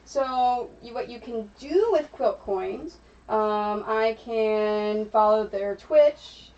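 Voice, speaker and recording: An American woman hosts a laid-back crafting livestream from her home craft room, chatting and explaining viewer rewards. Her voice is a little high and darkish in tone, and she speaks at a slow pace. The lo-fi stream mic sounds distant and dull, with faint noise.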